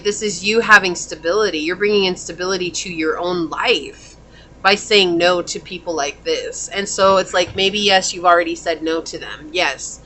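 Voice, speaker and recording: Bright-voiced woman reading tarot cards. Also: lowish voice, a little hiss or hum. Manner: animated, laughing, acts out quoted voices. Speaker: tarot reader. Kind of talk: casual pick-a-card tarot reading.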